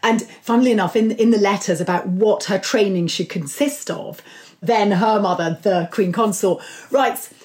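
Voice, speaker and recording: A woman author speaking as a guest in an interview, telling history stories with enthusiasm and an animated manner. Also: mid-range voice, moderate pace. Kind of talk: conversational interview.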